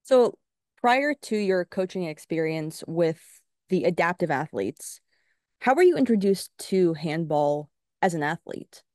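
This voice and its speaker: A woman hosting a podcast interview, asking measured questions. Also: lowish voice, expressive, darkish tone, no echo, clean studio sound. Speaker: podcast host.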